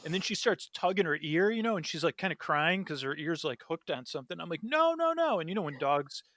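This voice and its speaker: Guy rambling thru a dream story on a podcast, kinda high voice, dry close sound. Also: fast, no room sound. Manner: rambling, animated storytelling with many fillers. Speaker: podcast guest. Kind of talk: casual chat.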